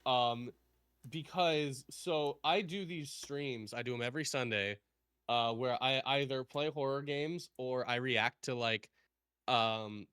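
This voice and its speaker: A man chats on a call in an animated way, laughing often and slipping into put-on voices. His voice is bright and forceful, with smooth, crisp clarity. The sound is dry and close. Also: mid-range voice, slow pace, dry recording. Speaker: guest streamer. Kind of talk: casual chat.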